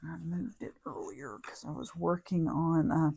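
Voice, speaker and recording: A woman's voice: sits low, a little slow, gravelly, darkish tone, slight background noise. A woman chatting casually while she demonstrates a craft, rambling and thinking aloud as she corrects herself. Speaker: craft vlogger. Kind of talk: casual crafting demo chat.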